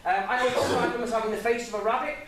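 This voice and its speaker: A young man giving an informal, jokey talk to an audience, chatty and quick to laugh at his own stories. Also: very high-pitched, fairly even intonation, fairly bright tone, a little hiss or hum. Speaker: guest speaker. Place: lecture room with audience. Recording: echoey room, mic at a distance.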